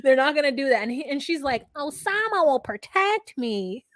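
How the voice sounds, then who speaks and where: A woman's voice: high voice, very animated, moderate pace, fairly bright tone, dry recording, clean studio sound. A young woman co-hosting a reality-TV recap, playful and mocking, often laughing as she talks. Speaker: podcast co-host. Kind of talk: casual reality-TV recap chat.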